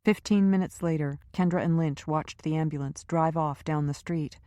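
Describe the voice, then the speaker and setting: Woman reading a thriller audiobook, steady, dry studio sound. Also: low-pitched, normal speed, dry recording. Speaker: audiobook narrator. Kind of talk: scripted narration.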